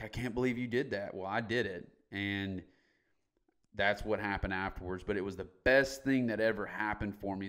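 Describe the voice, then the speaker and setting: A middle-aged man as a podcast guest, candidly telling his story in a blunt, emphatic way and swearing casually. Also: on the low side.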